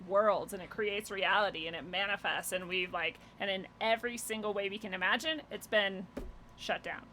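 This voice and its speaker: A woman's voice: medium pitch, sharp tone, slight background noise, low-quality recording. A woman in casual podcast conversation, talking animatedly, laughing often and acting out the voices of people she quotes. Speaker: podcast guest.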